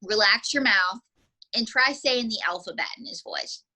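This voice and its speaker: A woman ventriloquist teaching a beginner in an upbeat, coaching way with quick asides. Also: mid-range voice, pushed and bright.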